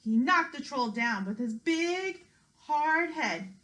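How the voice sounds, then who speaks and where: Bright, expressive woman reading aloud. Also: high voice, takes it slowly, poor audio. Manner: expressive, sing-song storytelling. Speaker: preschool teacher. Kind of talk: children's read-aloud narration.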